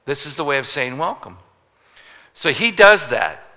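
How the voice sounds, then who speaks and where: A male pastor preaching a sermon, telling the story with lively rhetorical questions and joking asides. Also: on the high side, measured pace. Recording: long hall reverb.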